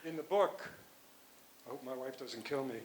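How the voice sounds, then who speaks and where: An older man, a physician and author, answering audience questions at a conference in a rambling, halting way with many restarts. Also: medium pitch, a little hiss or hum, poor audio. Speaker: guest speaker, physician and author.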